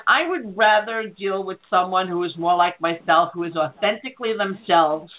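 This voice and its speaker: A woman's voice: medium pitch, normal speed, hardly any pauses. A woman hosting a talk radio show, chatting candidly and telling stories with animation. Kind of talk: casual chat. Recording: tinny phone-line sound.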